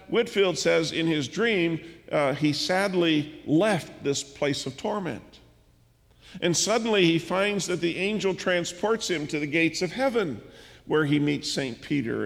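A man's voice: on the high side, unhurried, gravelly. A male pastor preaching a sermon, telling a story and acting out its dialogue. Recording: church hall with long reverb.

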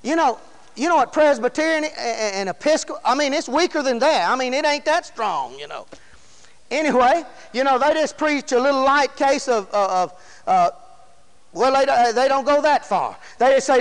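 A man with a Southern accent preaching a fiery revival sermon, telling stories in folksy speech and shouting praises. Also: extremely high pitch, sing-song, moderate pace, clean tone, in a large hall, low-quality recording. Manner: shouts praises, storytelling with acted quotes.

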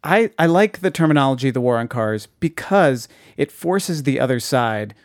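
A man's voice: medium pitch, expressive, normal speed, no echo, studio quality. A man from the Boston area co-hosting a podcast, chatting casually and with enthusiasm. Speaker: podcast co-host. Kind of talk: casual chat.

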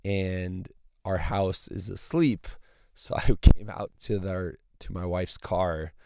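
A male podcast host with a gravelly early-morning voice, chatting casually in a rambling, enthusiastic way from inside a parked car. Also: sits low, fairly even intonation, takes it slowly, very noisy. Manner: rambling, enthusiastic, many fillers. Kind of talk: casual solo podcast outro.

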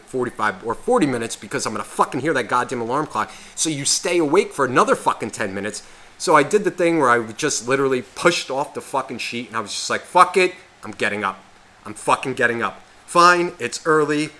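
A man's voice: medium pitch, sharp tone. A man co-hosting a podcast, telling a rambling story in casual chat full of swearing. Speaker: podcast co-host.

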